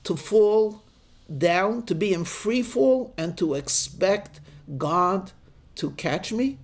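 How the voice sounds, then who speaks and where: A male rabbi giving a sermon, telling a parable with deliberate, slowed emphasis. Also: high voice, animated.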